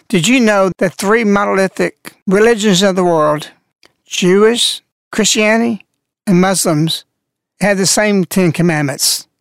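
A radio host giving an earnest devotional talk, slowing down to stress key words. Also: medium pitch, no room sound, studio quality.

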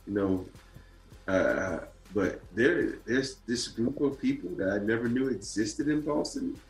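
A man's voice: lowish voice, expressive, a little slow, reverberant, faint music behind, rough recording. A man hosting a podcast, bantering casually and jokingly about sports with many stammered restarts. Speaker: podcast host.

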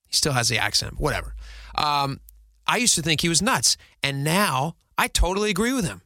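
A man's voice: a little high, sing-song, brisk, pushed and bright, dry recording, studio quality. A man in his thirties hosting a radio talk show, chatty and upbeat with rambling asides. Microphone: studio mic.

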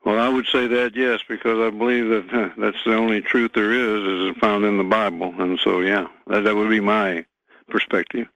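A man answering as an interview guest in an earnest, measured way. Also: lowish voice, little pitch movement, fairly bright tone, no echo, poor audio. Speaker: guest author.

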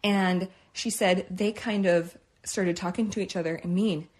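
A woman in her thirties, a mother co-hosting a podcast, telling a family story with quick jokes and frequent laughter. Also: fairly low pitch, steady tone, a little mellow. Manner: giggly, quick jokes, acts out quotes. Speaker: podcast co-host. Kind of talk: casual storytelling chat.

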